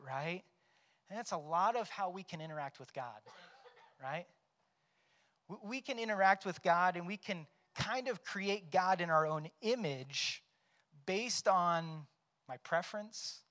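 A man's voice: high voice, a bit bright. A man preaching a sermon as pastor, conversational, often checking in with "right?" and telling stories that act out quoted lines. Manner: conversational, tags points with "right?"; storytelling, acts out quoted lines.

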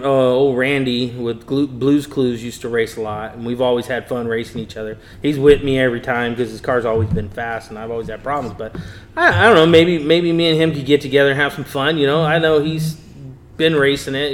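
A man's voice: mid-range voice, brisk. A middle-aged man, telling a racing story in a casual interview and acting out the voices he quotes. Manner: animated storyteller, acts out quotes, laughs often. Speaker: interviewee, hot rod racer.

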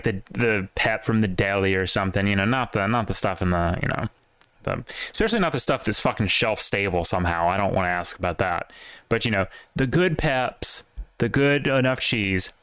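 A man's voice: lowish voice, expressive, moderate pace, a bit bright, clean tone, no room sound. A man hosting a casual podcast debate, laid-back and teasing, swearing now and then.

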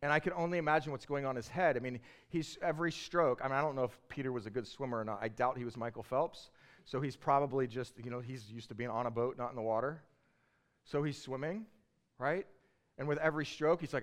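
A man preaching a sermon in a conversational, animated storytelling way. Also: mid-range voice, quick pace. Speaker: pastor.

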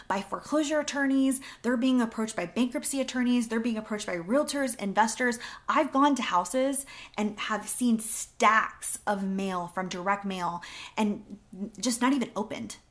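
A woman's voice: fairly high pitch, normal speed. A woman in her thirties coaching real estate agents in a casual, chatty teaching style, acting out door-knocking lines as she goes.

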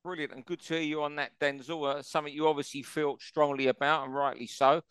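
A man's voice: a little high, level tone, fast talker, a bit bright, clean tone, dry recording. A man hosting a boxing talk show, giving his views in an emphatic, opinionated way. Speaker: host.

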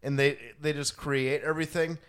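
A man from Rochester co-hosting a casual podcast chat, talking in a relaxed, halting way. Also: a little high, clean tone. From Rochester, New York. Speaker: podcast co-host.

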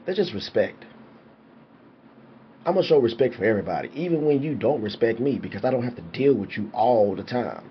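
A young father talks casually and animatedly to the camera in a monologue, swearing freely as he preaches about respect. His medium-pitched voice runs a little fast. The sound is dull and lo-fi, with faint ambience and slight background noise.

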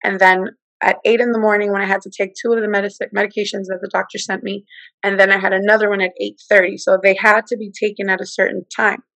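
A middle-aged woman telling a personal story in casual, animated talk, acting out what people said. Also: fast, gravelly, no room sound, low-quality recording. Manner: animated, acts out quoted speech with big pitch jumps. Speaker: guest telling her testimony.

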